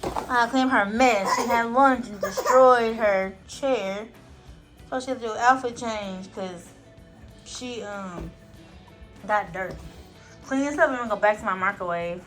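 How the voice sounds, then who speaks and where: Young mother vlogging chores, high-ish voice, music playing behind. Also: measured pace. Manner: talks to her babies and toddler while doing chores. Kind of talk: casual home vlog chat.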